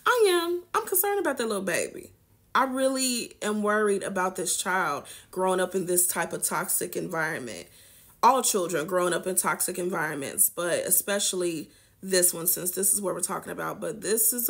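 A woman's voice: mid-range voice, a bit bright. A woman hosting a celebrity gossip show, chatting casually and sassily straight to her viewers. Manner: sassy, chatty, speaks straight to viewers with slang. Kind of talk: casual commentary.

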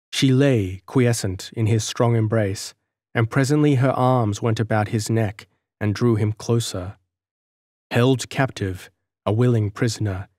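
In a clean, dry studio recording, a lowish-voiced man reads an audiobook. As narrator, he delivers the scripted text in a measured and expressive storytelling style.

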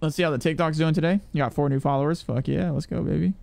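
A man's voice: a little high, fairly even intonation, fast, vocal fry, a little mellow, no echo. A man streaming a shooter game live, chatting loosely with his viewers and swearing freely as he plays. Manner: loose, chatty and profane, talking to chat. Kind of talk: casual live gameplay commentary.

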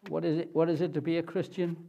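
A man preaching a sermon at a church, asking and answering questions slowly and deliberately. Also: on the high side, level tone, vocal fry, mellow.

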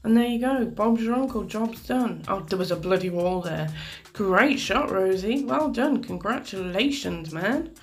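A woman's voice: mid-range voice, expressive, a little slow, faint music behind. A woman giving chatty, exasperated commentary over a game she is playing, with plenty of mild swearing. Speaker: gaming commentator. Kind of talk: live gameplay commentary.

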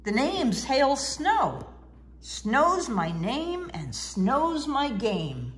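A woman's voice: high voice, big pitch swings, very slow, voice pushed up, heavily acted. A woman voicing a blustery, folksy man ski resort owner in a storybook reading. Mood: gruff.

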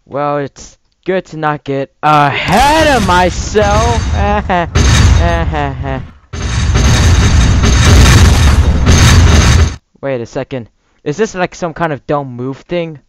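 A young man commentating a gameplay video, shouting and laughing between low mutters. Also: animated, drawn-out words, noisy background. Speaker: gamer. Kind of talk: let's play commentary.

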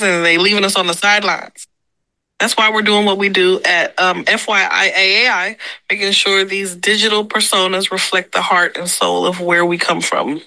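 A woman's voice: medium pitch, pushed and bright, no echo, rough recording. A woman voicing a streetwise AI persona with brash, slangy hype talk. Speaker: AI character played back on the podcast.

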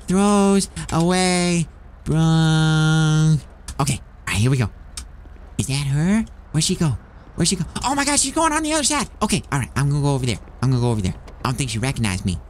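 Excitable rural dimwit, voiced by a man, drawling and rambling, with a swooping, lively pitch. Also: close to an everyday voice. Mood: excited. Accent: rural American drawl, put on. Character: dim-witted rural young man, eager and rambling. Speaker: role-play player. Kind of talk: game role-play.

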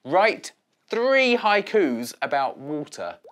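Slow, lively man teaching kids. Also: fairly high pitch. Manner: expressive, drawn-out storytelling delivery. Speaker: children's poetry teacher. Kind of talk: lesson video for children.

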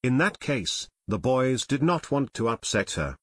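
Male narrator, mid pitch, steady measured read, dry close studio sound. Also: breathy edge, no room sound. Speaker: audiobook narrator. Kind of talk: scripted audiobook narration.

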